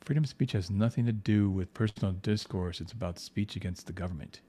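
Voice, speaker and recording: Low-voiced man chatting while he paints. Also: fairly quick, mellow. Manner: rambling, many restarts and "you know"s. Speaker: comic book artist. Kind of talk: casual livestream chat while painting.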